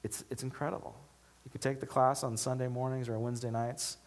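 A man preaching a sermon as a pastor, talking in a conversational way and building to animated, emphatic stretches. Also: medium pitch, fairly quick.

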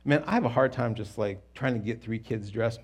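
A man teaching a Bible story in a casual, animated and jokey way, with quick asides and restarts. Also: mid-range voice, breathy edge.

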